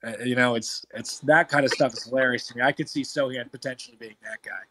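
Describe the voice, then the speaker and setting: A man's voice: medium pitch, steady tone, fast talker, pushed and bright, slight background noise. A man co-hosting a casual basketball chat, telling stories with amusement and the odd laugh. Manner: amused storytelling, laughing while he talks. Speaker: co-host.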